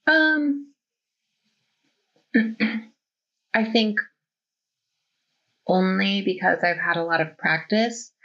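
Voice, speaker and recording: A woman in her thirties or forties, a podcast guest, chats openly and tells stories, using many fillers. Her medium-pitched voice is bright and forceful, sing-song, with drawn-out words and long pauses, on dull lo-fi audio.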